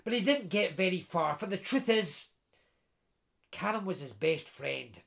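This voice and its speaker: A man telling a folk tale aloud, animated and playfully stammering for effect. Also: high voice, measured pace, creaky. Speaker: storyteller. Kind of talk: oral storytelling to listeners.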